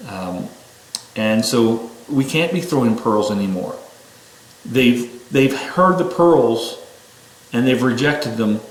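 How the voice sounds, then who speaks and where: A man giving an informal, sermon-like talk with a middle-range voice. When he exhorts his listeners, his pitch climbs sharply. The room around him sounds echoey. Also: animated, slow.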